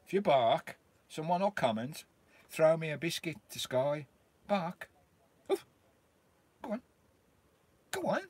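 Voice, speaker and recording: A man's voice: on the high side, no room sound. A middle-aged British man hosting a casual live stream outdoors by his campervan, greeting viewers by name and chatting with them in a friendly way.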